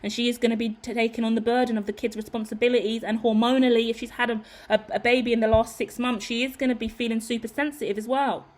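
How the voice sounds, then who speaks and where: Woman, tarot reader, casual rambling delivery with a flat, even pitch and frequent check-ins with viewers. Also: fast, few pauses. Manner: chatty, rambling, keeps checking in with "okay?".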